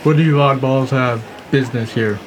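A man's voice: medium pitch, fairly even intonation, moderate pace, a little hiss or hum, lightly acted, poor audio. A man voicing a wary, blunt male half-orc stranger who mocks and laughs through his lines. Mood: distrustful.

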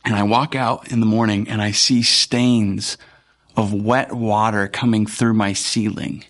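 A man, a pastor, giving a conversational and earnest sermon with frequent pauses and fillers. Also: on the low side, flat delivery.

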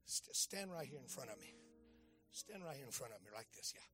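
A man in his fifties preaching a storytelling sermon, talking to a child beside him and repeating phrases as he builds to shouting. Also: mid-range voice, sing-song, a little fast, faint music behind.

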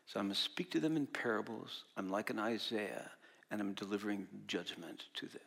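A man's voice: on the low side, expressive, a little fast, gravelly, fairly bright tone. A man preaching a sermon as a pastor, talking conversationally and quizzing his congregation. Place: church service.

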